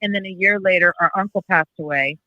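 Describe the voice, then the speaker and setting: With a fairly low pitch, she talks fast in a bright, forceful tone; the audio has no echo but its highs are cut off. This podcast co-host rambles casually through a family story, restarting and self-correcting often.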